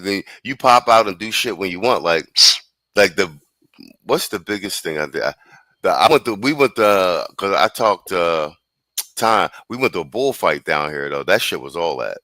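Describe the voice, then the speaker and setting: Man, casual podcast host, bright forceful voice, slangy and animated, dry close sound. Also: low-pitched, normal speed, dry recording. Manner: animated, slangy, laughs often, restarts lines. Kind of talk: casual storytelling chat. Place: live stream from abroad.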